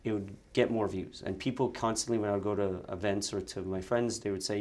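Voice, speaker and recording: A man guest telling stories in a casual interview, lively, with quick bursts and frequent restarts. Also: fairly low pitch. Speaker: actor and content creator, guest.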